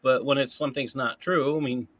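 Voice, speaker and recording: A man co-hosting a casual chat, reading commentary aloud, incredulous and quick to laugh. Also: mid-range voice, steady tone, a bit bright.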